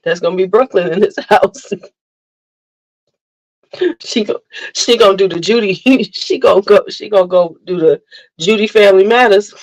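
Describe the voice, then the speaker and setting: A woman hosting a casual livestream, telling animated family stories, laughing often and greeting viewers by name. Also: mid-range voice, normal speed, long pauses, poor audio. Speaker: livestream host chatting with viewers. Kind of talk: casual chat.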